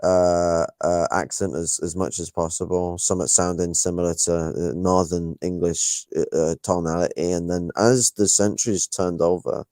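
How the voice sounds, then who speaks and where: Low-voiced, rambling Irish man. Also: steady tone, moderate pace, hardly any pauses, darkish tone, no room sound. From Ireland. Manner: rambling, profane, many fillers. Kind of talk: casual political chat.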